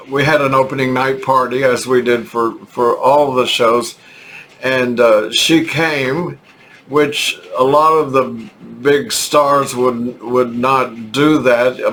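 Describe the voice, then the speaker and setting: An older man from Texas with a Texan accent, telling a rambling, halting story with chuckles in a casual vlog. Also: mid-range voice, fairly bright tone, slight background noise. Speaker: vlogger.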